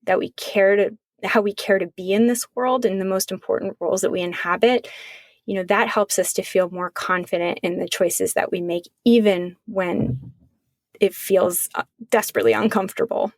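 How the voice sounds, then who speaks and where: Woman, middle-aged, psychologist talking on a podcast, earnest and measured, gravelly, dry close sound. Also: medium pitch, fairly even intonation, no echo. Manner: earnest, measured, speaks in long flowing thoughts. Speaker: podcast co-host and psychologist, author guest. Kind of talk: reflective conversational podcast talk.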